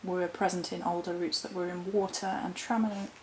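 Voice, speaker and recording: A woman's voice: on the low side, little pitch movement, moderate pace, a little mellow, a little hiss or hum, low-quality recording. A woman vlogger talking in a thoughtful, meandering way about her spiritual practice, breaking off now and then to correct herself. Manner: thoughtful, meandering, with self-interruptions and laughs. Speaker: witch vlogger. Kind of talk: reflective spiritual vlog.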